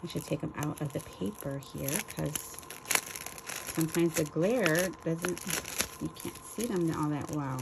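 A woman's voice: sits low, unhurried, creaky, background noise. A woman chatting casually as she unboxes craft swap items on her vlog, gushing and exclaiming over each one. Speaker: crafting vlogger.

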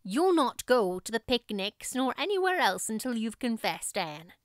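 A woman's voice: on the high side, big pitch swings, normal speed, no echo, clean studio sound. A woman voicing a stern, grim older spinster who speaks firmly and severely. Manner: firm, clipped, severe.

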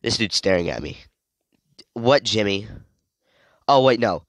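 Sick young man, deep lively game chatter. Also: a little slow, no room sound. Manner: rambling, easily distracted, sudden yelps. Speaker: gaming video creator. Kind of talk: casual gameplay commentary.

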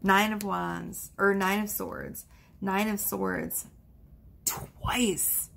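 A woman's voice: mid-range voice, fairly even intonation, drawn-out words, vocal fry, a bit bright. A woman giving a casual tarot card reading, chatty and reassuring, with frequent exclamations. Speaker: tarot reader.

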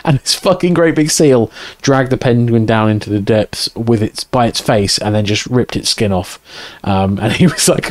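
A man's voice: medium pitch, no room sound. Male game streamer, casual crude banter, reads chat aloud.

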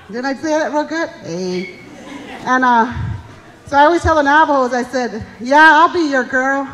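With a high-pitched, fairly bright voice, a middle-aged woman performs stand-up at a community fundraiser show. She tells chatty stories poking fun at herself and mimics the people in them, her words echoing with live hall reverb.

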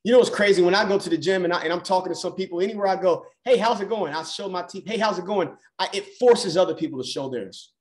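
A man's voice: high voice, quick pace, hardly any pauses, a little mellow. A man coaching on a mindset call, talking emphatically and repeating key phrases for effect. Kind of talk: motivational call talk.

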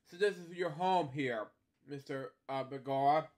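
A man's voice: a little high, unhurried, darkish tone, close to an everyday voice. Mickey Mouse, read by a man, friendly. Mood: polite. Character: polite cheerful cartoon mouse, male.

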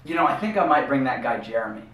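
A man voicing a dim, bragging teenage quarterback who talks brashly and keeps saying "freaking", for an animated web series. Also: mid-range voice, quick pace, distant mic, lightly acted. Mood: scheming. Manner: brash, peppers every line with "freaking". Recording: roomy echo, mic set back, faint hiss.

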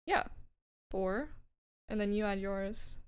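A woman's voice: medium pitch, slow pace, smooth. A young woman streamer chatting casually while playing a game, rambling and swearing as she goes. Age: young adult. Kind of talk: casual chat while gaming.

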